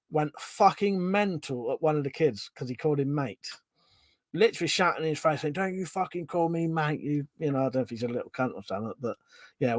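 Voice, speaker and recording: On a casual livestream, a man with a voice on the high side reads out comments from viewers, laughing often and swearing without restraint. The sound is clean studio audio with no room sound.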